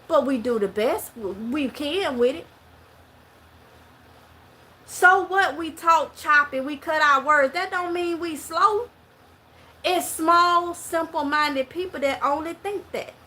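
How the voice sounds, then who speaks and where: A woman's voice: high-pitched, pushed and bright. A middle-aged woman from Mississippi with a strong Mississippi Southern accent, talking casually to camera and telling a story in rural Southern dialect. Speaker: vlogger.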